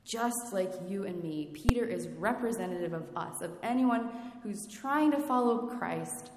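A woman's voice: mid-range voice, expressive, a little slow, noisy background. A woman preaching a sermon in a reflective way, asking her listeners questions. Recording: echoey hall with long reverb.

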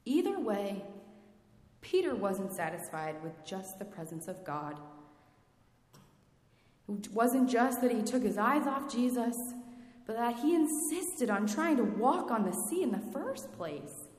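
A woman with a slightly high voice delivers a reflective sermon and asks her listeners questions. Her voice fills a large, echoing hall with a long reverb tail. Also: sing-song, measured pace, a little mellow. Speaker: preacher.

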